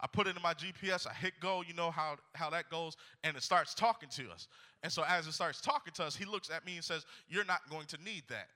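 A young man preaching a sermon, telling a story and then rising into shouted exhortation. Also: on the high side, fast talker.

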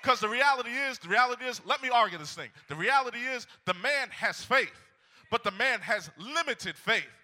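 The sermon comes from a pastor whose very high-pitched, sharp voice moves with lively intonation at normal speed. Fervent and repetitive, he calls out to the congregation in a church sanctuary, where a large hall's long reverb trails behind him.

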